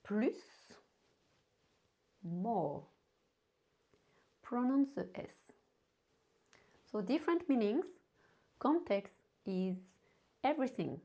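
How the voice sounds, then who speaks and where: A French woman with a French accent teaching a language lesson, speaking slowly and carefully and repeating example sentences. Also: medium pitch, big pitch swings, dark tone.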